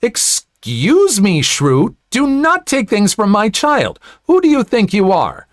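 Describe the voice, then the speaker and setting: A man voicing a fed-up young military mother who answers with sharp, indignant retorts. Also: on the high side, very animated, a little slow, no echo, studio quality, pitched above the performer's own voice. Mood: angry.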